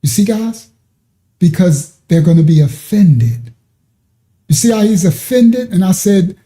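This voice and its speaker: A man's voice: sits high, animated, measured pace, mellow. A man preaching in a conversational Bible-study sermon, emphatic and often repeating himself or restarting mid-sentence.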